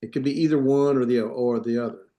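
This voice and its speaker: A man teaching a class, talking in a halting way with many fillers and self-corrections. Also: medium pitch, fairly even intonation, mellow. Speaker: instructor. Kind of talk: classroom lecture.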